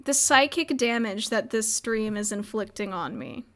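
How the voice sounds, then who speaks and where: A woman's voice: a little high, a little slow, fairly bright tone. A young woman casually recapping a roleplay server on her livestream, rambling and giggling with lots of filler words. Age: young adult.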